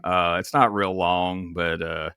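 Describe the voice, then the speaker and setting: A podcast host, chatting casually and telling stories with laughs. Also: male voice, low voice, little pitch movement, takes it slowly, bright, forceful tone, clear, resonant tone, no room sound, studio quality. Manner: storytelling, laughs, swears casually. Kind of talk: casual chat.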